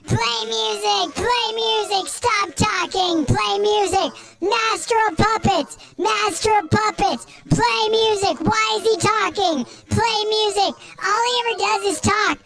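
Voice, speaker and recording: A man voicing a shrill, bossy chorus of audience voices that shouts mocking commands. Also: takes it slowly, vocal fry, few pauses, full character voice. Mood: nagging.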